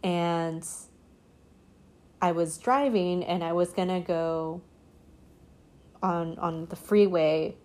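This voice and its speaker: A woman's voice: fairly low pitch, steady tone, slow pace, long pauses, a little mellow. A woman hosting her own podcast, talking earnestly and meandering, full of "you know" and "like". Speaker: podcast host. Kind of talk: casual reflective solo podcast talk.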